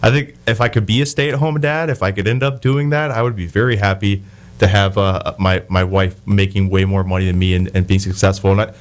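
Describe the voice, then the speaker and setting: A man chatting on a radio show as the host's manager, easygoing and a bit halting. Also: lowish voice. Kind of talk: casual radio chat.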